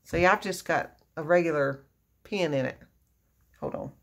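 A woman, her voice sitting on the lower side. She talks at an unhurried, drawn-out pace and gushes with delight over crafts, full of exclamations. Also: fairly bright tone. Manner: gushing, effusive exclamations, frequent laughs. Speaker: crafting vlogger opening happy mail. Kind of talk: casual unboxing chat.

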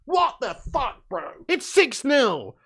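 High-voiced fan, sweary and bitter, live watchalong commentary. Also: big pitch swings, takes it slowly, fairly bright tone. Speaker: football fan streamer.

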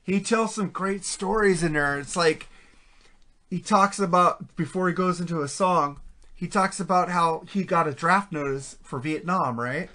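Speaking a little slowly in a high voice, a male podcast co-host spins stories during laid-back chat, bringing them to life by performing whoever he's quoting.

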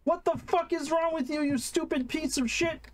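A man's voice: very high-pitched, fairly even intonation, normal speed, slight background noise, voice pushed up. A man doing a foul-mouthed, angry Kermit. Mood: angry ranting. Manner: angry ranting, crude jokes. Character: crude foul-mouthed male frog puppet, hot-tempered.

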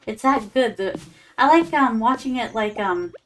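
Streaming a farming game, a VTuber keeps things chatty with her viewers, whom she calls "my darlings," and mixes in Japanese words. She speaks expressively at normal speed, in a fairly bright voice on the high side, with slight background noise.

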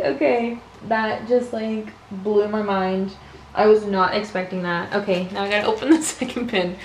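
A young woman vlogging an unboxing in a casual, gushing, excitable way, with gasps and squeals. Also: mid-range voice, normal speed, a little hiss or hum. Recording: echoey room, faint ambience.

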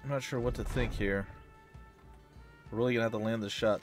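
Excitable man doing gameplay commentary. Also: mid-range voice, fairly quick, long pauses, music in the background. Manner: excitable, chatty, reacts loudly to hits and misses. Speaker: let's play host.

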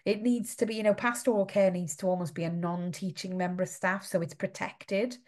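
A woman's voice: mid-range voice, fairly even intonation, a little fast, darkish tone. Chatty Welsh woman hosting a livestream. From Wales. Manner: chatty and sympathetic, with frequent fillers. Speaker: host of a parent support livestream. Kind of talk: live Q&A reading out viewer comments. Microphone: webcam or phone on a live stream.

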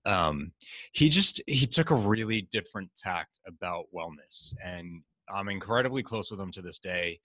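A middle-aged man being interviewed, telling stories in a casual, animated way and acting out the voices of people he quotes. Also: sits low, moderate pace, dry recording. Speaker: guest.

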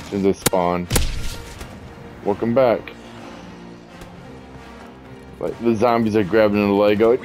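A man giving casual gameplay commentary, excitable and joking, swearing often, a bit hoarse. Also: lowish voice, measured pace, pauses often. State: losing his voice. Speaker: gaming commentator. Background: game music and gunfire.

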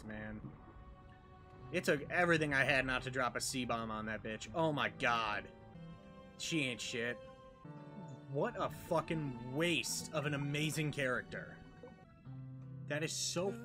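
A man hosting a reaction video, cursing and yelling angry outbursts at the screen between muttered commentary. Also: mid-range voice, expressive, unhurried, pauses often, faint music behind.

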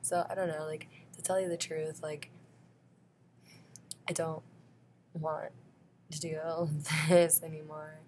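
Woman vlogging, low monotone voice, rambles and keeps laughing, noisy home recording. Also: slow pace, long pauses. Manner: rambling, laughs often between phrases. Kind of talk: rambling to-camera monologue.

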